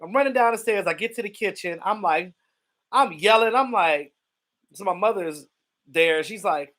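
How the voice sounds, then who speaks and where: A man hosting a casual livestream, greeting viewers by name and telling stories in an animated way. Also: high voice, moderate pace. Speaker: livestream host.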